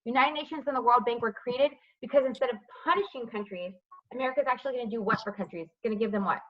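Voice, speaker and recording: A woman's voice: on the high side, fast talker, lo-fi sound. A woman teaching history over a video call, asking students questions by name and checking with "right?". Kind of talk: online class lecture with questions. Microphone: computer mic on a video call.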